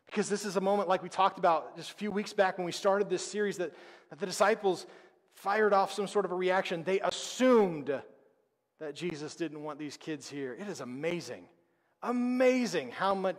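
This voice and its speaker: Man pastor, conversational emphatic sermon, slightly high voice, long church reverb. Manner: conversational, emphatic preaching with dramatic pauses. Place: church sanctuary.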